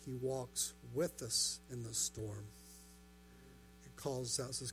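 A man's voice: mid-range voice, steady tone, slow, fairly bright tone, a little hiss or hum. A pastor preaching a sermon, building his points through rhetorical questions and repetition.

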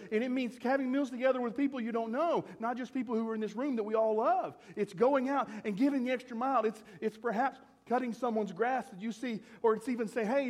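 A pastor delivers a sermon to his church in a high, light man's voice. He talks in a loose, conversational way and keeps asking his listeners questions. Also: long reverb tail. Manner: conversational preaching, rhetorical questions, recites a poem.

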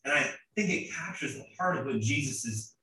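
A man in his thirties, a pastor preaching a sermon in an animated, emphatic way, often restarting his phrases. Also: medium pitch, a little fast. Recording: echoey room from a distance.

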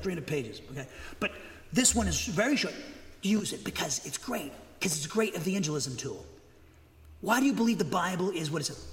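A man's voice: high-pitched, fairly bright tone, big-room sound. A man preaching a sermon as a pastor, with an emphatic, rambling way of talking and frequent self-corrections.

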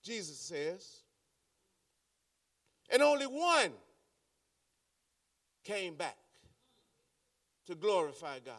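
A man's voice: high-pitched, fairly bright tone, no echo. A man preaching a sermon in a church, repeating his phrases for emphasis and calling out to the congregation, heard from a distance. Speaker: pastor.

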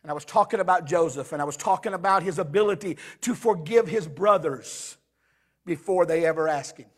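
A man preaching a sermon to a live church congregation with impassioned delivery, swinging between shouting and hushed storytelling. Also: a little high, a little fast, husky. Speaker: pastor.

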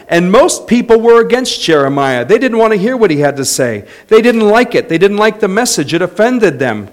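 A man preaching a sermon, moving between quiet, low passages and loud, lively ones, with laughter. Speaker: pastor.

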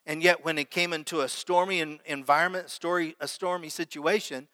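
Bright-voiced preaching pastor, man. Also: a little high, fairly even intonation, brisk, dry recording, long reverb tail. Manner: preaches with prayer and call-and-response to the congregation. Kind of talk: sermon.

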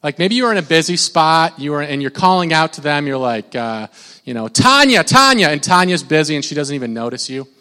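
Pastor, male, somewhat high voice, chatty sermon style, big reverberant hall. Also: brisk. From Minnesota. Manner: conversational, repeats words, mimics shouting.

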